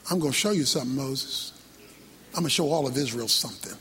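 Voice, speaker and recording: A preacher putting on a deep commanding God. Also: male voice, pushed and bright, slight background noise, lightly acted. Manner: slow, firm, instructing. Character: God, a commanding male deity.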